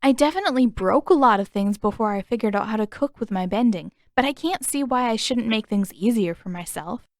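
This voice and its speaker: A woman's voice: fairly high pitch, lively intonation, fairly quick, darkish tone, dry recording, clean studio sound. A woman voicing a scheming young waterbender girl who talks in a sly, confiding way in a storybook reading.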